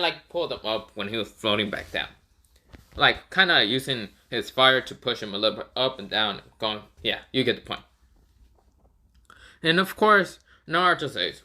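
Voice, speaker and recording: A man's voice: medium pitch, sharp tone. A man casually narrating a made-up fan story, rambling and correcting himself often. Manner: rambling, many fillers, self-correcting.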